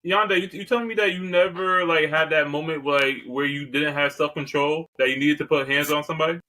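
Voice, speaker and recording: Man, podcast co-host, casual chat, probing questions, fairly high pitch, bright sharp tone. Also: fairly even intonation, fairly quick.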